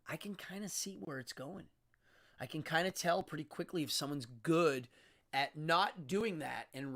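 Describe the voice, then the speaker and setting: Male host, magician type; theatrical, lively pitch, loose livestream chat. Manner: dramatic and animated, stumbling restarts. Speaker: magician and occultist hosting a live show. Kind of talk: casual livestream monologue.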